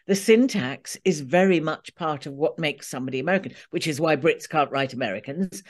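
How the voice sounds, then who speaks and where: A middle-aged British woman with a lowish voice talks shop in a relaxed, animated chat. She is an audiobook narrator, quick to laugh and to slip into mock voices. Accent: British English. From Britain. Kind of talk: casual chat.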